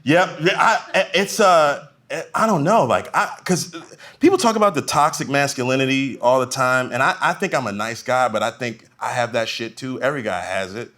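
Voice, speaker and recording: A man's voice: mid-range voice, moderate pace. A man in his forties doing a stand-up comedy set, telling stories and acting out the people in them. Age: 40s. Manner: animated storytelling, acting out voices. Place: live comedy venue.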